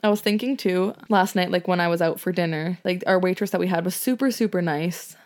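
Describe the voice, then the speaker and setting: A woman's voice: fairly low pitch, a little fast, darkish tone. Chatty woman telling stories. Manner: chatty storyteller, acts out quoted voices, filler-heavy. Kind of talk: casual chat.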